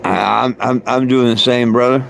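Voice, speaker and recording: A man's voice: medium pitch, fairly even intonation, moderate pace, creaky, a bit bright, a little hiss or hum. A man hosting his own livestream, chatting loosely with many fillers and restarts and chuckling often. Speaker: livestream host. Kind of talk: rambling casual livestream chat.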